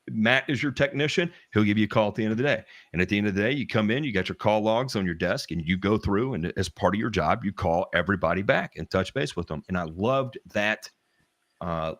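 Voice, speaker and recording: Middle-aged Southern man, very deep, dry close mic, candid rambling storyteller. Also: a bit bright, no room sound. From American South. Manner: rambling, frequent restarts and fillers, candid with swearing. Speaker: podcast guest telling work stories. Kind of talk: casual chat.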